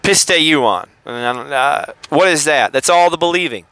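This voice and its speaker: A man's voice: on the high side, normal speed, bright, forceful tone, dry recording, rough recording. A man with a Southern accent hosting a podcast, explaining things in a casual, rambling way with many fillers and self-corrections. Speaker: podcast host. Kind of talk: casual teaching monologue.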